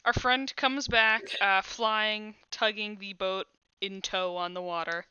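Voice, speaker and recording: A woman's voice: medium pitch, steady tone, slow, pushed and bright, clear, resonant tone, no room sound. A woman acting as game master, describing scenes and making rulings with frequent hesitations. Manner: hesitant fillers while narrating. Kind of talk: narrating a tabletop game. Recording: dull lo-fi mic.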